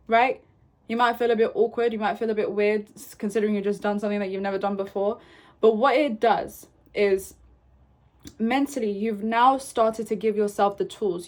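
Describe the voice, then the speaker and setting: A young woman giving self-help advice in a casual vlog, coaching gently and often checking in with "right?" and "okay?". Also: fairly high pitch. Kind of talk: casual advice talk to camera.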